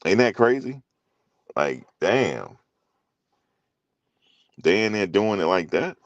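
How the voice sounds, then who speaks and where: A man's voice: fairly low pitch, very animated, slow pace, no room sound, lo-fi sound. A middle-aged man talking loosely and casually as a commentary host, rambling through stories with slang and profanity.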